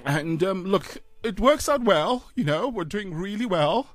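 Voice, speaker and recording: A man in his thirties with a South African accent, co-hosting a breakfast radio show, speaking haltingly with sighs, choked up and close to tears. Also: high voice, animated, dry recording, faint music behind. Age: 30s. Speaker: radio co-host. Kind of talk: emotional radio chat.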